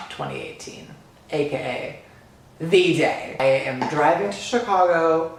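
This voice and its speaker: A man vlogging an excited personal story, animated and dramatic, full of "like" and "literally.". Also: on the high side. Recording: echoey room.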